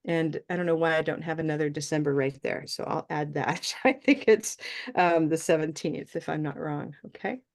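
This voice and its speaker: A woman's voice: deep voice, normal speed, vocal fry, a little mellow. A woman teaching an online English pronunciation class, encouraging and checking in with "okay?" often.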